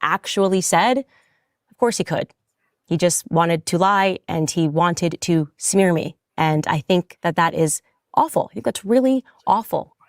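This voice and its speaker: A woman's voice: on the low side, measured pace, no room sound, studio quality. A woman in a played clip, arguing her case indignantly with pointed rhetorical questions. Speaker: commentator defending herself.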